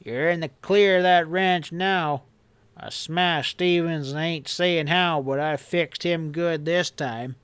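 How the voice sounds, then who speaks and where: Guy doing shifty cowardly outlaw in a western audiobook, high whiny pleading voice. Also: fairly even intonation, slow pace, fairly bright tone, smooth, no echo. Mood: boastful.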